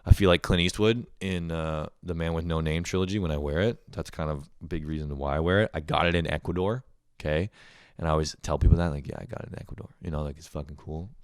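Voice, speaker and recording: A male podcast host delivers a casual comedic rant, rambling, swearing, and leaning heavily on "like" as filler. His voice rumbles low and moves quickly, with a clean tone and studio-quality sound free of room noise.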